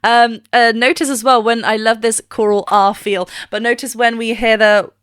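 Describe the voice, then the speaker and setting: A woman's voice: on the high side, level tone, moderate pace, a bit bright, smooth, dry recording, clean studio sound. A woman vocal coach reacting to a live performance, explaining technique with enthusiasm. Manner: enthusiastic, explanatory, quotes lyrics by singing. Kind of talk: reaction video analysis.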